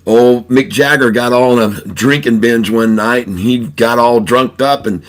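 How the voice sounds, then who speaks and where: A man voicing a smooth-talking big male frog who insists on getting a bank loan, in a told joke. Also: lowish voice, normal speed, a bit bright. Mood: insistent. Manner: persuasive, insistent.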